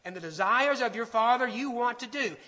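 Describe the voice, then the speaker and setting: A man preaching a sermon, emphatic and dropping to quiet, slow phrases for stress. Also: very high-pitched, animated. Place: church auditorium. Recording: echoey hall with long reverb.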